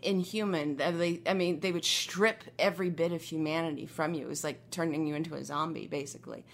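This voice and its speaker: A woman co-hosting a casual fan discussion, animated and quick to laugh as she tells stories. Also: low-pitched. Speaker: podcast co-host.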